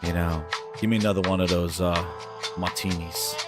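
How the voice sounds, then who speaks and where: A man voicing a drunk, self-pitying male company boss ordering drinks at a bar, mumbling low and slow. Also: fairly even intonation, loud music behind the voice, natural voice. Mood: gloomy.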